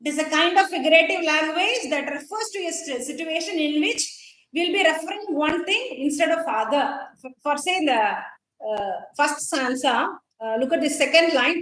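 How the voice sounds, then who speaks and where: A woman's voice: high-pitched, normal speed, fairly bright tone, echoey room, slight background noise, poor audio. A woman with an Indian English accent teaching a college English class, explaining poetic terms and quizzing students, with frequent fillers. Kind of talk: classroom lecture on a poem.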